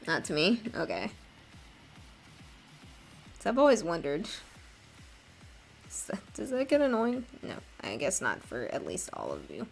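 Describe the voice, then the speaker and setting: Young woman, low-pitched, vocal fry, casual livestream chat, rambling. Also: huge pitch swings, a little slow, long pauses, faint music behind. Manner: rambling, self-deprecating, chatting with viewers. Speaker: streamer drawing live.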